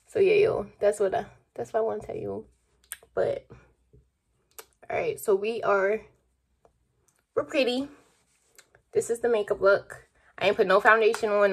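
Young adult woman, husky tone, loose chatty vlogger talking straight to her viewers. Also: mid-range voice. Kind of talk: casual vlog chat to camera. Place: at home, then in a car.

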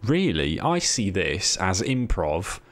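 A man's voice: low-pitched, sing-song, takes it slowly, fairly bright tone. A man streaming a role-play game, chatting casually with jokes, swearing and rambling asides to his viewers. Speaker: streamer playing a police recruit.

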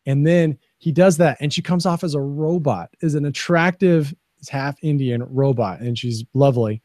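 A man hosting a casual podcast in a slightly high voice, giving opinionated and animated commentary. His voice is close and dry, with no room sound behind it. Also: moderate pace, no echo. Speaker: podcast host.

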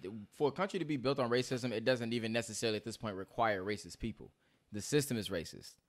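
Man co-host, casual chat, mid-range voice, agreeable, quick short replies. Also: mid-range voice. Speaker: podcast co-host.

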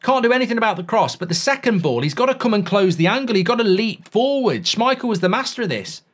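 A man's voice: high voice, fast. A man reacting live to a football match, cheering and breaking down the tactics with energy. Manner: excitable, then tactical ranting. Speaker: football fan streamer.

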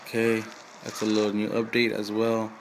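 A man's voice: lowish voice, completely flat delivery, normal speed, noisy background. A man casually commenting on a mobile game, reading its dialogue aloud with fillers and asides. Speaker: gaming channel host.

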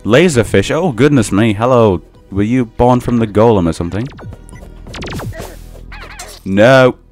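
A man's voice: medium pitch, unhurried, a little mellow, soft background music. A young man casually commentating his own gameplay, playfully talking to the creatures he meets. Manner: playful, talks to game enemies in a teasing voice. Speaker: gaming channel host. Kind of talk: casual let's play commentary.

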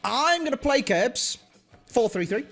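A man's voice: very high voice, sing-song, a little slow, a bit bright. A man, a guest on a football video game chat, teasing in a dry way. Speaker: guest player. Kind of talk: casual gaming chat.

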